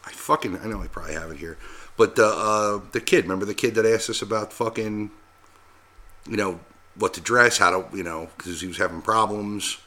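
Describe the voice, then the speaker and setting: Low, bright-voiced wisecracking man. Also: brisk. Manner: wisecracking, laid-back interjections. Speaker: podcast co-host. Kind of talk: casual chat.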